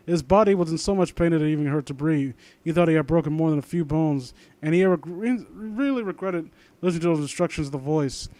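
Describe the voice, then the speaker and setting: Reading fan fiction out loud, this young man interrupts himself with meandering, sarcastic remarks that trail away. His warm voice sits a little high and moves a little fast.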